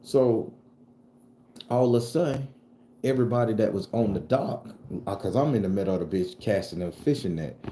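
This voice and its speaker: Very deep-voiced man telling a spooky story. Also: normal speed, slight background noise. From southern Florida. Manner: profane, animated, acts out dialogue. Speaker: storyteller and channel host. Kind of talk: casual spoken ghost story. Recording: echoey room.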